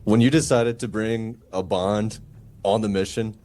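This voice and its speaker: A man's voice: fairly low pitch, fairly even intonation, a little slow. A man playing a tabletop game, chatting casually with wry jokes. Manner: wry, joking. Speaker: player. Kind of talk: casual chat. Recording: loud music behind. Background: loud music.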